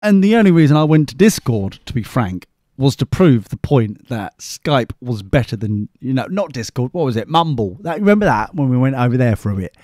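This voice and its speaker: A man's voice: medium pitch, very animated, fairly quick, a little mellow, no room sound, studio quality. A tired man, hosting a live podcast in a rambling, scatterbrained, self-mocking way. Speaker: podcast host. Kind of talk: rambling live-show chat.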